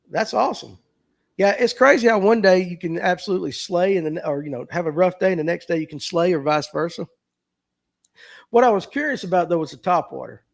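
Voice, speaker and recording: Middle-aged guy hosting a fishing show live, kinda high voice, chatty and folksy, riffs on viewer comments. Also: creaky. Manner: folksy, joking, reads comments aloud and riffs on them. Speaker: host of a fishing talk stream. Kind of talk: casual live-stream chat reading viewer comments.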